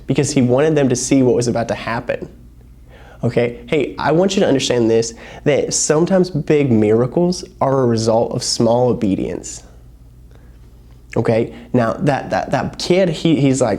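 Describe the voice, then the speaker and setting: A man's voice: mid-range voice, moderate pace. A young man preaching to a youth group in a casual, storytelling way, acting out the people in his stories. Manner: casual, animated storytelling with acted-out quotes. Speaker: youth pastor. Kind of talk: sermon.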